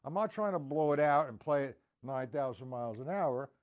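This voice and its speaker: A man teaches a live-streamed drum lesson, counting beats aloud and checking in with his viewers over a loud drum kit playing behind his voice. He has an expressive, mid-range voice and speaks at a moderate pace.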